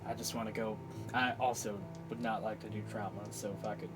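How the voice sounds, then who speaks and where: A man narrating a tabletop game as game master, halting, with many fillers. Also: lowish voice, level tone, poor audio. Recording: clear music bed behind voice.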